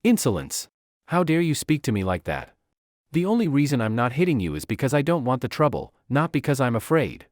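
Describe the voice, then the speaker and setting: A man voicing an arrogant, hot-tempered young nobleman who shouts at commoners. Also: mid-range voice, big pitch swings, fairly quick, no room sound, studio quality, close to an everyday voice. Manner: haughty, shouting.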